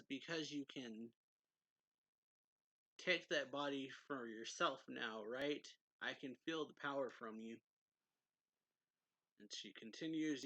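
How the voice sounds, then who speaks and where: A man's voice: medium pitch, sharp tone, poor audio. A man giving a casual, rambling recap as an anime reviewer, lifting his voice when he reads out lines. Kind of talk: casual chapter recap, reading out character lines.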